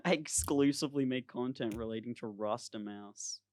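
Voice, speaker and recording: A young man hosts a podcast from home over a remote voice-chat call on his computer mic, chatting casually, laughing and rambling. His voice has a medium pitch, a moderate pace and a darkish tone.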